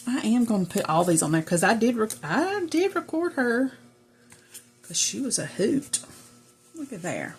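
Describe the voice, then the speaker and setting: Sing-song and unhurried, this middle-aged Southern woman's voice sits on the high side, with faint music behind it. She journals on camera, chatting and rambling casually to her viewers as she crafts.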